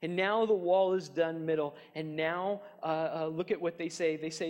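A man's voice: on the high side, fairly even intonation, moderate pace, a little mellow, big-room sound. A man preaching a sermon as pastor, chatty, with rhetorical questions and fillers like "you know". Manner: frequent fillers like "kind of a thing".

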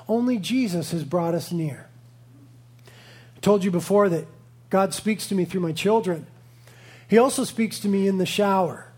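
A man's voice: sits high, darkish tone, breathy edge. A man in his thirties, a pastor preaching a sermon, telling a family story with playful asides and earnest conviction.

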